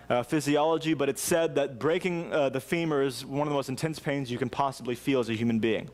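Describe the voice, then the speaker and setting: An earnest man in his thirties preaches a sermon in a slightly higher-than-usual voice. He speaks from the heart and sinks to a near-whisper for tender moments. He shifts between quick bursts and slow, weighted phrases. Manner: earnest, drops to a soft hush for intimate lines. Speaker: pastor. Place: church sanctuary.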